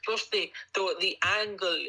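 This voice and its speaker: A man's voice: sits high, fairly even intonation, measured pace, bright, forceful tone, poor audio. A man, co-hosting a wrestling podcast with teasing, jokey asides. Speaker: podcast co-host. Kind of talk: casual wrestling podcast banter.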